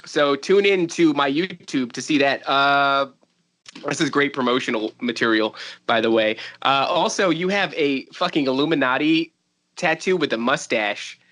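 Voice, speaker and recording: A podcast host with a medium-pitched, fairly bright voice speaks at a moderate pace in casual chat. He jokes, teases his guests, and laughs frequently.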